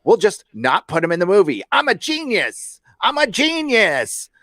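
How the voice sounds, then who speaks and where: A man's voice: high voice, wildly swooping pitch, moderate pace, sharp tone, no room sound, clean studio sound, pitched above the performer's own voice, heavily acted. A man putting on a mocking voice of a smug, self-satisfied male filmmaker who boasts about himself. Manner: mocking, sneering parody.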